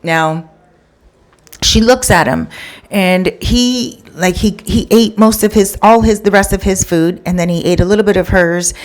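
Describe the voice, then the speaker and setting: A woman's voice: medium pitch, a little slow. A woman telling a story in a casual, chatty way, with conversational asides to the listener.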